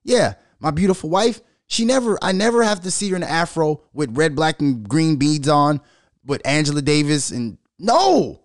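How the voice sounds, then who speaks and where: A middle-aged man ranting in a loud, profane, storytelling way as a commentary vlogger. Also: a little high, very animated, moderate pace, no room sound, studio quality. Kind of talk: unscripted profane rant.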